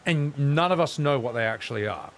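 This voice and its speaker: A man's voice: medium pitch, animated, fairly quick, slight background noise. A man streaming a video game, talking casually in a rambling, profane way. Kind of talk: gaming stream commentary.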